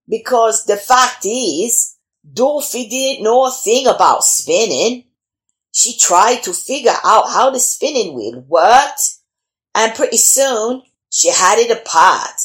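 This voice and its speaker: Expressive woman reading a storybook aloud. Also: a little high. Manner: expressive, animated.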